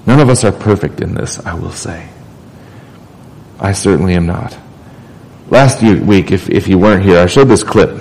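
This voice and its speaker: A man's voice: low-pitched, moderate pace, long pauses, a little mellow, breathy edge, rough recording. A man preaching a sermon in a casual, conversational way. He often restarts and repeats words as he talks. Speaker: pastor.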